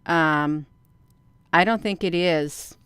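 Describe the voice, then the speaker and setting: Breathless woman vlogging excitedly. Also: low voice, takes it slowly, clear, resonant tone, dry recording. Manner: excited, repeats herself, addresses viewers as "you all". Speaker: video channel host. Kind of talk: casual vlog talk to viewers.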